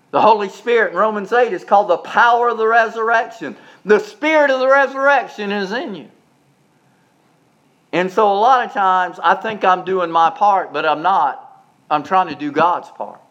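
Pastor guy preaching a sermon, kinda high voice, keeps repeating lines for emphasis, then goes quiet for little asides. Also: lo-fi sound.

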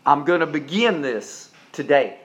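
A male pastor preaching a sermon, telling stories dramatically and swinging between loud and hushed delivery. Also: a little high, lively intonation, measured pace. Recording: dull lo-fi recording.

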